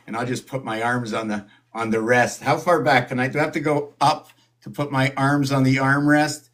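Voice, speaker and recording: A man's voice: mid-range voice, fairly even intonation, normal speed, fairly bright tone. A man giving a rambling solo monologue to camera, wandering between thoughts with restarts and asides, and at times coaxing his cat. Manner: wandering, stream-of-consciousness, frequent restarts and asides. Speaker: video creator.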